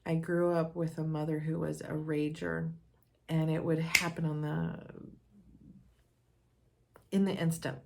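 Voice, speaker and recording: A woman's voice: sits low, level tone, measured pace, gravelly, long pauses, dark tone, slight background noise. A woman speaking earnestly and candidly as she tells a personal story in a talk.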